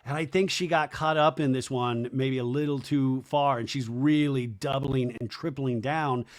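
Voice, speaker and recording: A man hosting a podcast, recapping a reality show in casual, animated commentary and acting out quotes in quick mock voices. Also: medium pitch. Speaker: podcast host.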